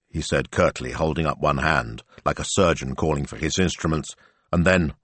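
Male audiobook narrator, deep, animated contour, dry studio read. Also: moderate pace, no echo.

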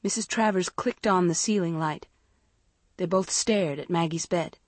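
A woman narrating a story in a measured, expressive reading. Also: on the low side, no room sound. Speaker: audiobook narrator. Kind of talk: scripted narration.

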